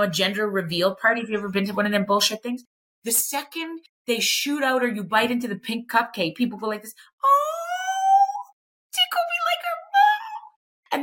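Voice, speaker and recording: A woman's voice: medium pitch, a bit bright. A middle-aged woman, a clinical psychologist talking candidly as an interview guest, emphatic and blunt, swearing casually.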